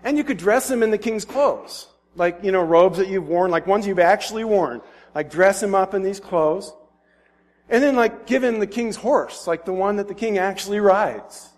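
A man's voice: sits high, normal speed, a little mellow, in a large hall, lightly acted. A man doing a frantic scheming court official. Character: flustered scheming royal official, male.

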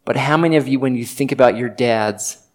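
A man's voice: mid-range voice, a little fast. A middle-aged man preaching a sermon, telling personal stories in an earnest, conversational way with occasional joking asides. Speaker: pastor.

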